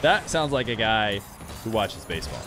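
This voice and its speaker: A young man with a fairly low voice talks loosely and casually to his stream chat, drifting from topic to topic. Game music runs clearly behind him the whole time. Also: measured pace. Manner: relaxed, rambling, talks straight to chat.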